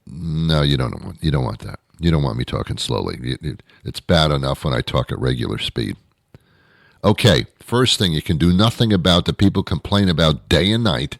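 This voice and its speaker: Deep-voiced man ranting with sarcasm. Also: animated, normal speed, no room sound, studio quality. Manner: sarcastic rambling humor with frequent self-corrections and laughs. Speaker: podcast host. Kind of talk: comedic monologue.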